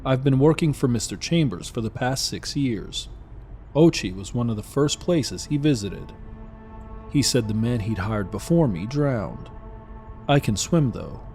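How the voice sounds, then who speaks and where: A man voicing a brawny, easygoing Jamaican driver who talks in a relaxed, drawling way with a Jamaican accent. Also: mid-range voice, measured pace, faint music behind.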